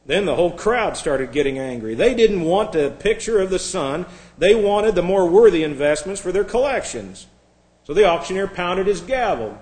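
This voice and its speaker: A male Bible teacher telling an illustration story in a sermon, dramatic and dropping to quiet emphasis. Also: high voice, expressive, moderate pace.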